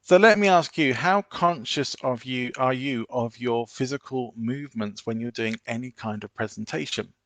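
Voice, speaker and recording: A man presents an online business seminar, speaking in a steady, instructive manner. His voice has a gravelly texture in a middle register, and the sound is dry and close, with no room around it. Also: mid-range voice, dry recording. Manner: instructive, measured, deliberate.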